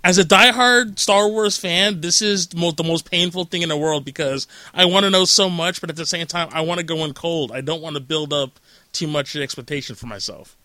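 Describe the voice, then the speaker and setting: Man, podcast host, bright voice, dry close sound, casual jokey chat. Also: on the high side, a little fast, no echo. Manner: chatty, jokey, lots of filler "like".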